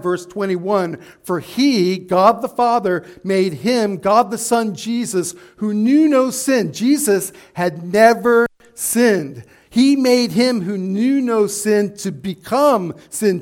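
A man preaching a sermon to a congregation, building to emphatic outbursts and slowing for weight. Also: high voice. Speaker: pastor. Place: church hall with a slide screen.

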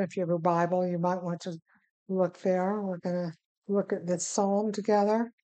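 Slow, mellow-voiced woman teaching scripture. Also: lowish voice, low-quality recording. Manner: unhurried, gentle, with filler pauses; reads scripture slowly and deliberately. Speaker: Bible teacher. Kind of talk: devotional teaching and scripture reading.

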